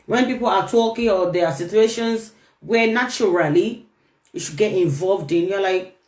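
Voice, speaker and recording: A woman's voice: medium pitch, moderate pace, a little mellow. A woman hosting a relationship talk, speaking earnestly and emphatically, often repeating her key phrases. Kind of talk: earnest motivational talk to camera. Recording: roomy echo.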